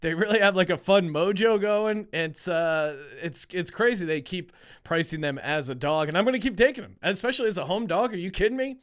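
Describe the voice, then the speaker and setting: A man's voice: sits high, a little fast. A man from Philadelphia hosting a sports-betting podcast, chatty and joking, with frequent restarts. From Philadelphia, USA. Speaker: podcast host.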